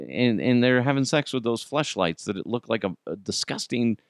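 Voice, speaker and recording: A man's voice: medium pitch, animated, moderate pace, dry recording, clean studio sound. A man hosting a podcast, ranting casually and profanely about the news and laughing at his own jokes. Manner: ranting, swears a lot, laughs. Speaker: podcast host.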